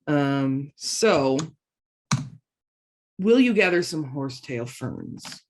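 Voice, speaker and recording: A woman teaching an online language lesson, saying each word slowly and twice, and chatting casually between the drills. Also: a bass voice, animated, background noise. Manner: slow, careful pronunciation drills with repeated words.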